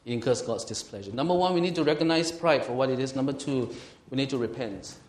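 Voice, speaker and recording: A man with a Singaporean English accent preaching a sermon as a pastor, swinging between loud and quiet delivery and acting out quoted speech. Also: mid-range voice, fast talker, echoey room. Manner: lively, swings from loud to quiet, laughs often, acts out quotes.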